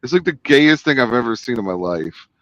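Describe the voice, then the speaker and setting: A man's voice: medium pitch, very animated, a little fast, lo-fi sound. A man hosting a casual stream chat, laid-back and brief in his remarks. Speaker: streamer host.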